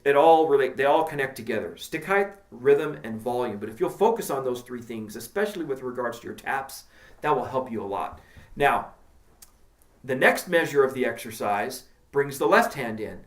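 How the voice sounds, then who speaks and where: A man teaching a drum lesson in a plain, practical coaching manner, counting beats aloud. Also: mid-range voice. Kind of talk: instructional talk with counting along. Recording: echoey room with clear drum and metronome noise.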